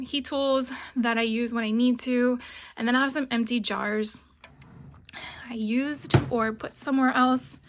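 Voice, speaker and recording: Middle-aged woman, casual vlogger, slightly raised pitch, bright and tense tone, chatty with ums, a little out of breath, filmed on a phone in a home craft room. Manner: chatty, frequent ums, light laughs.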